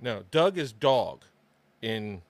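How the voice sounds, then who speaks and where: A man's voice: mid-range voice, sing-song, takes it slowly, dry recording. A man co-hosting a casual podcast chat, rambling with lots of fillers and restarts.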